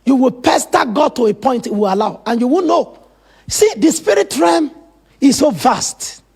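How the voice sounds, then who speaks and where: A man's voice: extremely high pitch, lively intonation, normal speed, creaky, darkish tone, breathy edge. A man preaching a sermon as pastor, telling Bible stories with dramatic, emphatic asides.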